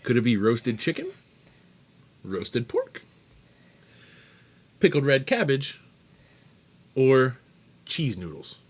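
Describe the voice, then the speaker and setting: Brief: american man, mid pitch, lively jokey quizmaster for a casual podcast. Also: slow pace, long pauses, husky. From United States. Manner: joking, animated quizmaster. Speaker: podcast co-host running trivia. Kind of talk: casual beer podcast chat.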